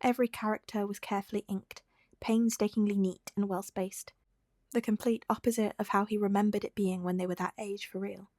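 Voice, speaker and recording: Picture a woman narrating a fan fiction story in a soft, even way, her voice sitting in the middle of the female range. The sound is dry and close, with no room around it. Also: mid-range voice, a little fast, no echo. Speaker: podfic reader.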